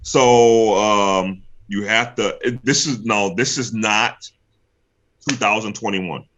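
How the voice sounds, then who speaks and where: Brief: young man, low and forceful voice, animated storyteller who acts out the other people in his stories. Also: takes it slowly, muffled recording. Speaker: guest, pro wrestler. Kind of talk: casual interview storytelling.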